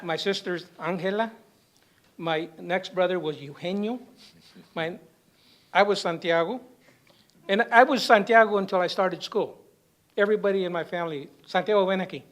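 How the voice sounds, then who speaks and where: Lively storytelling man, fairly high voice. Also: moderate pace, long pauses. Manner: humorous anecdotal delivery with frequent "okay?" tags. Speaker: panelist. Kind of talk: storytelling panel talk. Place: university symposium hall.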